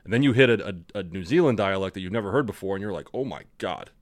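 Male podcast co-host, rapid rambling delivery, casual and profane, close dry mic. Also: lowish voice, dry recording. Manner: fast, rambling, swears freely. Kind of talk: casual chat.

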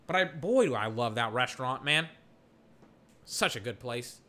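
Rambling young man, bright voice. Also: medium pitch, normal speed. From Texas. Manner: rambling, heavy on filler words, bursts into excited play-by-play. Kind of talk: casual rambling chat while calling a football game.

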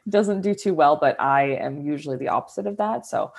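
A woman's voice: low voice, fairly quick, vocal fry, a little mellow, husky. A young woman co-hosting a casual podcast, talking candidly and animatedly with frequent laughs. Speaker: podcast co-host. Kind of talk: casual chat.

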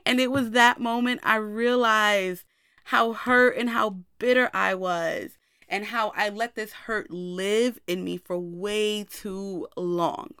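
A woman's voice: medium pitch, fairly even intonation, slow pace, a bit bright, clear, resonant tone, dry recording, studio quality. A young woman hosting a podcast, telling a personal story in a candid way and talking straight to her listeners. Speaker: podcast host.

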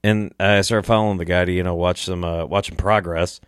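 A man's voice: sits low, fairly even intonation, fairly quick, clear, resonant tone, dry recording, studio quality. A man hosting a podcast, telling a story casually in a rambling, chuckling way, with restarts and swearing. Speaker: podcast host.

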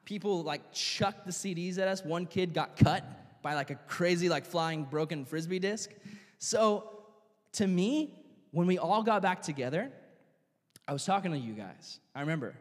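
A young man preaching a youth sermon as pastor, telling stories with animated acted-out voices. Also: high voice, moderate pace. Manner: animated storytelling, acting out quoted voices. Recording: long reverb of a church hall.

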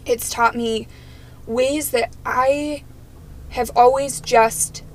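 A woman's voice: fairly high pitch, fairly even intonation, extremely slow, slight background noise, poor audio. Earnest, emotional woman podcast co-host. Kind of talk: casual podcast chat.

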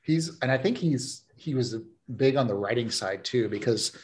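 A man's voice: medium pitch, lively intonation, moderate pace, a little mellow. Rambling man in casual podcast chat. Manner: rambling, acts out quotes in a raised voice. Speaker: podcast co-host.

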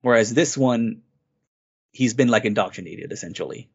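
A man's voice: medium pitch, moderate pace, slightly rough. A man co-hosting a podcast, casually and eagerly retelling a game's story in a rambling way. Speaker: podcast co-host. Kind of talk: casual game review chat. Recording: dull lo-fi recording.

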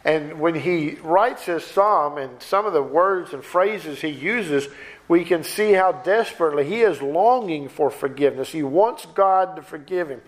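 Earnest high-voiced male preacher. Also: lively intonation, unhurried. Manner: earnest, emphatic, often repeats and rephrases for emphasis. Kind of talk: Bible-teaching sermon.

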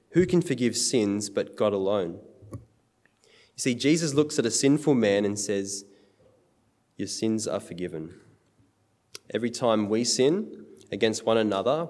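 A man preaches a sermon with an earnest, emphatic delivery, often quoting scripture. His voice sits fairly low. It rings with a long reverb, as if recorded in a large hall. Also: a little mellow.

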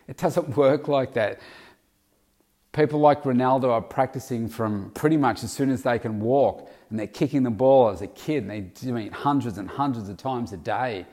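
A man's voice: normal speed, a little mellow. A man giving a motivational self-help talk, acting out a harsh inner critic. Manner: acts out a harsh inner critic with raised pitch. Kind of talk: motivational monologue.

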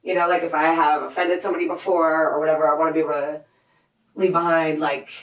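Young woman dj chatting on a podcast, kinda low voice, lots of likes and swearing, echoey room. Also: level tone, fast. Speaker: DJ guest. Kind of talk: casual podcast chat.

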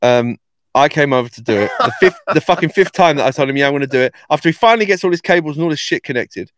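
A man's voice: fairly high pitch, lively intonation, fast talker, a bit bright. A man co-hosting a casual podcast, telling a story insistently, swearing and repeating himself. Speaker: podcast co-host. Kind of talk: casual chat.

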